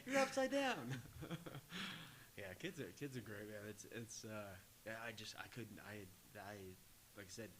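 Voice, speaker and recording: A man hosting a casual interview podcast, encouraging and quick to laugh. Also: on the low side, steady tone, fairly bright tone. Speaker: podcast host. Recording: faint background hiss.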